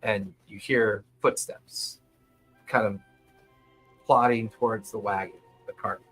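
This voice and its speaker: A man narrating as game master in a tabletop game, describing scenes at an unhurried pace and chuckling often. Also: on the low side, fairly even intonation, a bit bright, husky, faint music behind, rough recording.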